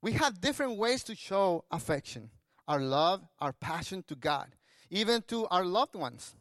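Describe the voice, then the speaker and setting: High-voiced pastor preaching a sermon. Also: male voice, big pitch swings, moderate pace, fairly bright tone, dry recording.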